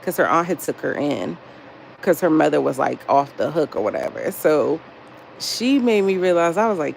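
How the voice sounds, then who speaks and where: Young woman, casual livestream chat, profane, gravelly, faint background noise. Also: low voice, normal speed, poor audio. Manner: animated, profane, reads chat aloud. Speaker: livestream host.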